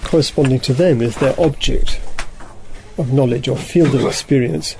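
A man of ordinary pitch leads a study group, reading passages from a text and unpacking them. He talks in a halting, thoughtful way and often stops to correct himself. A faint hiss sits under his voice. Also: warm tone, poor audio. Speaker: teacher leading a study group. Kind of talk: reading a text aloud and explaining it.

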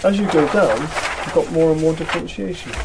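A man teaching a study group, reading passages aloud and then explaining them in a halting, thoughtful way, often correcting himself mid-sentence. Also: fairly high pitch, creaky, background noise.

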